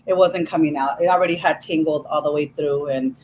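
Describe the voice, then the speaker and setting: A woman's voice: sits low, fairly even intonation, fairly quick, darkish tone, a little hiss or hum, rough recording. A woman vlogger telling a childhood story in a chatty, laughing way, full of "you know". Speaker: vlogger host. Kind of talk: casual storytelling while eating.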